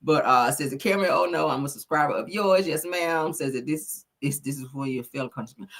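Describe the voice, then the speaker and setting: A woman's voice: low voice, fast talker, hardly any pauses, fairly bright tone. A woman hosting a casual live-stream gossip chat, sassy and profane, reading out viewer comments. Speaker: host.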